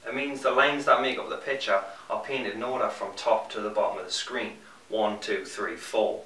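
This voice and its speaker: A young Geordie man with a bright, forward voice reads gaming news with cheeky wisecracks and a streak of mock enthusiasm. The sound is echoey and roomy, caught from some distance off the mic. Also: on the low side, fairly even intonation, moderate pace. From North East England. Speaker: co-host of a gaming news show. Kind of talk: scripted comedic news reading.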